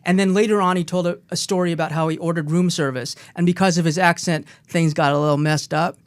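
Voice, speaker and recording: A woman's voice: lowish voice, steady tone, quick pace. Emphatic woman telling a story on a talk show. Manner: emphatic, storytelling, repeats key phrases. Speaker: co-author and former co-host.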